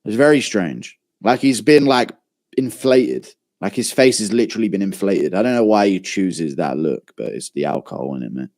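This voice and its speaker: A man rambling through a live stream, reading out chat questions and answering with loose, profane banter. His pitch swings up and down a lot as he talks, and fillers pile up between thoughts. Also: animated, normal speed, darkish tone. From England. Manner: swears freely, rambling banter with lots of fillers.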